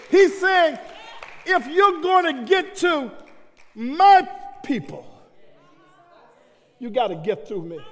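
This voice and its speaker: A middle-aged man from Brooklyn with a New York accent, preaching an impassioned sermon as an associate minister, shouting out to the congregation. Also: very high-pitched. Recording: reverberant church hall.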